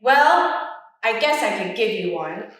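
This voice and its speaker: A woman voicing a grumpy male cactus who yells at visitors, in an echoey room with the mic far off. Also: sits high, big pitch swings, slow pace, slight background noise, pitched below the performer's own voice, full character voice. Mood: grudging. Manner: shouting, cranky.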